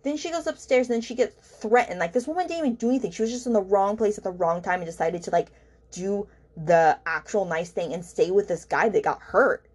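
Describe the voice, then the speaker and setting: A woman's voice: medium pitch, fairly quick, slightly rough. A woman hosting a book podcast, ranting casually in an exasperated, rambling way with lots of fillers.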